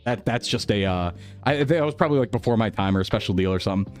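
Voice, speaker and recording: A man's voice: lowish voice, animated, fast talker, soft background music. A young man chatting casually on a live stream, rambling, reading chat aloud and laughing often. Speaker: VTuber streamer.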